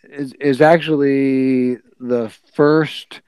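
A man's voice: medium pitch, steady tone, dark tone, clean tone, no echo. Laid-back male trivia host, dry sound. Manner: laughing, halting, drawn-out question reading. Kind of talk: casual podcast quiz hosting.

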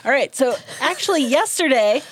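A woman's voice: high-pitched, expressive, moderate pace, slightly rough, no room sound, studio quality. A middle-aged woman co-hosting a podcast in casual chat, upbeat and encouraging. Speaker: podcast co-host.

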